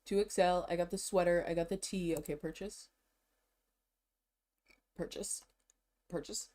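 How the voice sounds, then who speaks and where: A woman's voice: on the low side, measured pace. Woman streamer rambling while she shops online, hyped, slangy, laughs a lot, kinda breathless. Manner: excitable, talks to herself, slangy, laughs often. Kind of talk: casual chat while browsing online.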